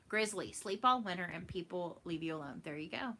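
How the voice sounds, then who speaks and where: Her voice sits low but moves a little fast, animated and bright with a forceful tone, and there's slight background noise. A Texas woman hosting a home stitching show, she chats, laughs, and answers viewer comments live.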